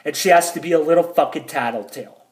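A vlogger with a fairly high voice angrily retells a family fight at a quick pace, swearing heavily throughout this personal story.

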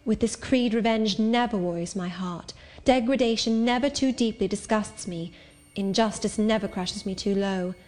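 A woman voicing a gentle, pious schoolgirl who speaks in a measured, earnest and serene way, read as an audiobook. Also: medium pitch, lightly acted. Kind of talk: audiobook reading.

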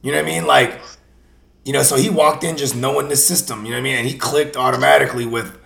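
Gravelly, animated man in an echoey room. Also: mid-range voice, quick pace. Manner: animated, slangy, swears, talks himself up into bits. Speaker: podcast host. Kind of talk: casual sports podcast chat.

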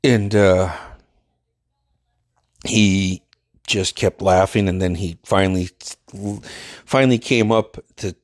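A man's voice: low voice, fairly even intonation, slow pace, long pauses, dry recording, clean studio sound. A man casually telling a profane, exasperated story and acting out what people said. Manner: profane, exasperated, acts out quotes.

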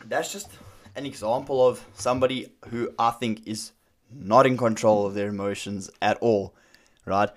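A man's voice: lowish voice, steady tone, moderate pace. A young man in casual conversation, telling a story with frequent fillers and restarts. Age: young adult.

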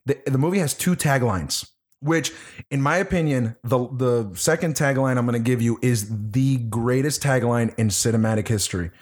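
A man's voice: mid-range voice, normal speed. A man talking casually about a movie, swearing and laughing as he tells the plot. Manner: animated, profane, laughing storyteller. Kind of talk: casual movie review chat.

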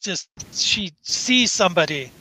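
A man narrating as game master of a tabletop game, halting and full of fillers. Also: high voice, expressive, bright, forceful tone, rough recording.

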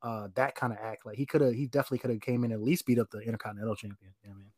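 A man's voice: mid-range voice, racing, no room sound. Rambling casual man, dry close sound. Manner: rambling, filler-heavy, animated opinions. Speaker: podcast co-host. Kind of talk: casual chat.

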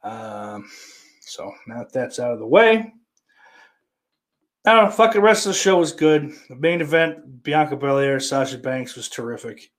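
A man's voice: medium pitch, animated, normal speed. A man hosting a casual live stream, reading viewer comments and answering them in a crude, sarcastic, rambling way with lots of swearing. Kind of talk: casual profane chat.

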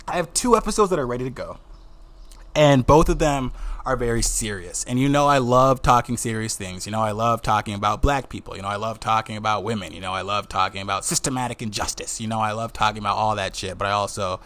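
A man in his twenties from Wisconsin with a Wisconsin accent, hosting a casual solo podcast in an excitable, joking way. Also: fairly low pitch. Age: 20s. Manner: excitable, jokey, swears casually. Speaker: podcast host.

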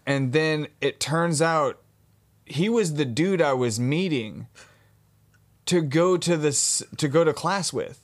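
A man's voice: fairly high pitch, slow. Chill young guy on a podcast, rambling story, says "like" a lot, swears casually. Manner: laid-back storytelling, heavy filler words and swearing. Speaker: podcast co-host. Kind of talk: casual chat.

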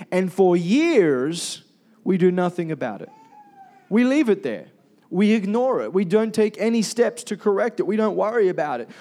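A man's voice: sits high, darkish tone. A man preaching a Sunday sermon as pastor, chatty and conversational, asking the congregation questions and calling for amens. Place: church.

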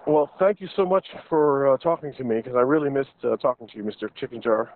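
A man chatting with a friend, animated and joking as he tells stories. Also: medium pitch, fast talker. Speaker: friend on a call. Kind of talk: casual chat. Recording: tinny phone line with faint noise and clicks.

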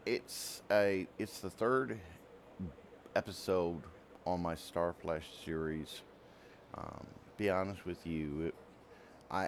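A man's voice: extremely low pitch, a little hiss or hum. A man hosting a radio program, telling a long story in a rambling, self-interrupting way. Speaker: radio program host and writer. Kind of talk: casual storytelling monologue.

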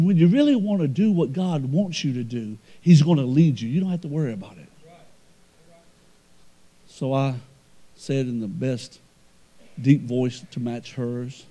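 A male pastor preaching a sermon, swinging between emphatic swells and quiet storytelling. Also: medium pitch.

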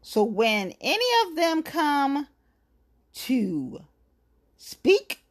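A woman unloads in a heated, profane rant, blunt and emphatic. Her voice sits on the higher side and swings widely up and down as she presses her points. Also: big pitch swings, extremely slow. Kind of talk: angry venting rant to camera.

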